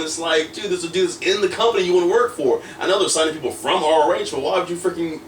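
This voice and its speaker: A man's voice: a little high, racing, few pauses, a bit bright. A man telling a story in a casual interview, rambling and full of fillers, acting out quoted lines. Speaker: wrestler guest. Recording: roomy echo, distant from mic, faint noise.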